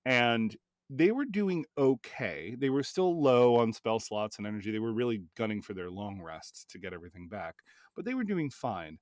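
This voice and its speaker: A man who runs tabletop games, telling stories from his campaign in relaxed, rambling podcast chat. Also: lowish voice, moderate pace, no room sound, clean studio sound. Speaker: game master.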